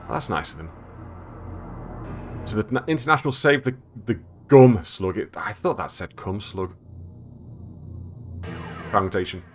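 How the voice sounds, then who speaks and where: A man's voice: on the low side, big pitch swings, moderate pace, long pauses, fairly bright tone, soft background music. A man hosting a let's play, reading in-game emails aloud with wry, sarcastic asides. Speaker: gaming video host.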